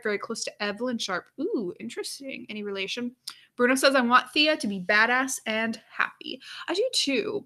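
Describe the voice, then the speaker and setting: A woman hosting a live aftershow, chatting casually and reading viewer comments aloud, with lots of "like" fillers and quiet murmured asides. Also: medium pitch. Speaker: aftershow host.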